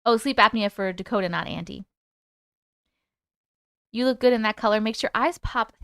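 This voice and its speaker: A woman hosting a live stream, reading viewer comments aloud and greeting people in a bubbly, chatty way with a high, squeaky voice. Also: moderate pace, vocal fry, a bit bright, no room sound, studio quality. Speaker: host reading live chat. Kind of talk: casual live-stream chat.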